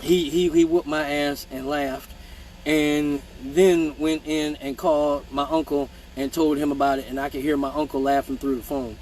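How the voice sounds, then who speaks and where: A man telling profane childhood stories in a casual live stream, animated and mimicking voices, with hiccups. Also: a little high, normal speed, a little hiss or hum, low-quality recording. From Michigan. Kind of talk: casual storytelling.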